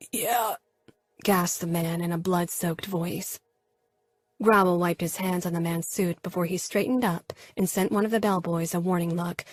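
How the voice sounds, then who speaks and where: Breathy low-voiced female audiobook narrator. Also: no room sound. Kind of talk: scripted first-person narration.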